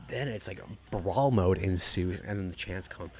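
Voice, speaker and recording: A man with a deep, low-pitched voice rambles through a wrestling review. He talks in an excited, casual way and swears freely. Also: moderate pace, soft background music. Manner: profane, rambling, gushing.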